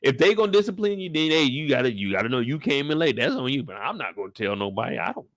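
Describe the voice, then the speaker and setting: A man hosting a casual live chat, telling the story in an animated way with plenty of cursing. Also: medium pitch, quick pace, few pauses, dry recording, studio quality. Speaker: show host recapping a TV episode.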